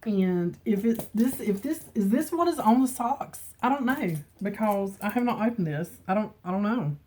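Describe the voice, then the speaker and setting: A woman's voice: medium pitch, expressive, moderate pace, warm tone, slight background noise. Chatty, emotional woman vlogging at home. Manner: chatty, emotional, laughs often. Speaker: beauty vlogger. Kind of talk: casual chat. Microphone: camera mic with ring light.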